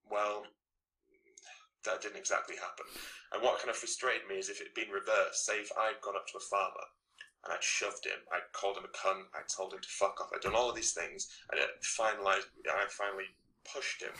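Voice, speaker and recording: Fast, gravelly deep-voiced Englishman. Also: pushed and bright, poor audio. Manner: quick storytelling with many restarts. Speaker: interviewee. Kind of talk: recounting an incident in an interview.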